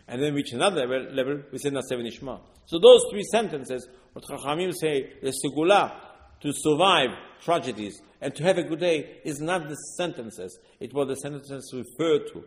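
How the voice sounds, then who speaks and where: A man giving an earnest Torah sermon, repeating words and bursting into loud emphasis. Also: on the high side. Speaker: religious teacher. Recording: long hall reverb.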